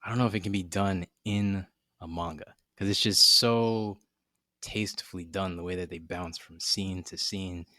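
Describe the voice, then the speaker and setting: A man's voice: low voice, fairly even intonation, normal speed, sharp tone, no room sound, clean studio sound. A man co-hosting an anime discussion podcast, recapping scenes thoughtfully and at length in casual chat.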